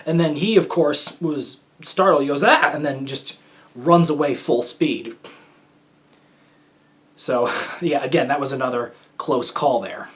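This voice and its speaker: A young American man hosts his own talk show and tells stories in a loose, rambling way. He hesitates and restarts his sentences often, his pitch sits in the middle range, and his tone stays casual. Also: unhurried. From United States. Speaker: host. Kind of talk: casual solo storytelling.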